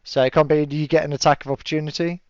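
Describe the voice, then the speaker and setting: A man's voice: on the high side, little pitch movement, racing, darkish tone, dry recording. A man running a tabletop game as game master, chatty and laughing often, with lots of fillers. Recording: dull lo-fi audio.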